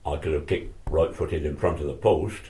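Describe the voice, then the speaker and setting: A man's voice: extremely low pitch, normal speed, warm tone. An older man telling old stories in a rambling, self-correcting way during an interview. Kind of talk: reminiscing oral history.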